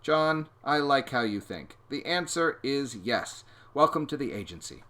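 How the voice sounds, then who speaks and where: A man voicing a bold young girl detective who talks in a confident, bossy, steady way. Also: medium pitch, normal speed, voice pushed up.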